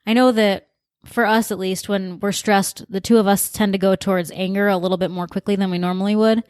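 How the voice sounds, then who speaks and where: A woman's voice: medium pitch, level tone, fairly quick, a little mellow, clean tone, no echo, studio quality. Caring woman giving relationship advice. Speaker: podcast co-host. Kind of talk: casual advice talk.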